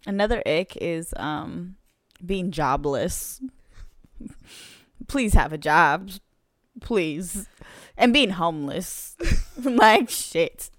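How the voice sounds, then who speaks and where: A woman's voice: fairly low pitch, lively intonation, extremely slow, long pauses, a bit bright, dry recording, studio quality. A young woman co-hosting a podcast in casual chat, talking candidly and laughing easily. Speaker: podcast co-host.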